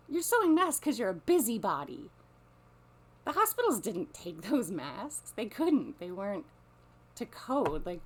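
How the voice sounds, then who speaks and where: A woman telling a long story in a casual monologue, rambling and profane, with lots of restarts. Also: fairly low pitch. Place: lives on a small coastal peninsula.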